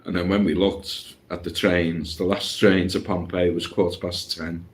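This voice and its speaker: A man's voice: low voice, level tone, moderate pace. A man chatting casually about a trip, laughing as he acts out the people they met. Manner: chatty, laughs while acting out other people's voices. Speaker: co-host. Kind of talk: casual travel storytelling.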